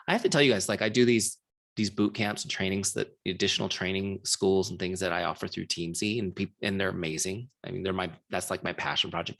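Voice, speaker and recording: A middle-aged man with a lowish voice runs a live training session. He talks in a loose, chatty way, full of fillers, and keeps checking that his listeners follow him. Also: a bit bright. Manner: casual, chatty, frequent "like" and rhetorical checks. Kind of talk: live training talk with a story.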